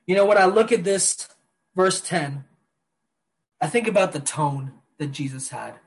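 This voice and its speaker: Earnest preacher man, higher voice. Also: expressive. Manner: earnest, slows down and drops soft on key phrases. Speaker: pastor. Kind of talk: sermon.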